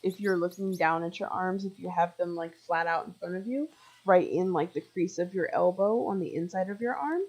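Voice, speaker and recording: Young woman, gaming streamer, casual rambling chat, slightly low voice, filler-heavy. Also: normal speed, a little mellow, poor audio. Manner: talks to chat viewers directly. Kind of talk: casual chat while playing.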